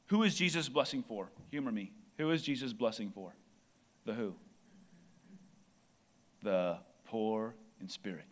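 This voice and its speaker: A man preaching a sermon in church, impassioned and building to near shouts. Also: on the low side, measured pace, pauses often.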